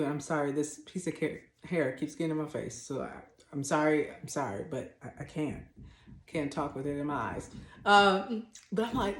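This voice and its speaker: A woman's voice: low-pitched, expressive, normal speed. A woman teaching about faith on her vlog, talking off the cuff in an emphatic, blunt way, often repeating herself and restarting her sentences. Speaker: faith vlogger. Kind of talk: spontaneous spiritual teaching. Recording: roomy echo.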